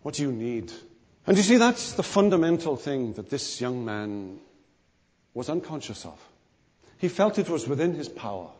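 A male preacher delivers his sermon with a lively, swooping voice and a husky edge. His emphasis climbs and falls. His words ring out with a long reverb, as in a large hall. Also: medium pitch, moderate pace. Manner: animated, emphatic preaching with rising and falling emphasis.

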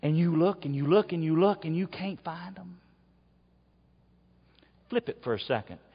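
A man preaching a sermon, dropping to quiet asides and then rising to loud shouts. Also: a little high, normal speed, slightly rough. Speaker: pastor. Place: church sanctuary. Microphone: wearable mic. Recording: dull, long hall reverb.

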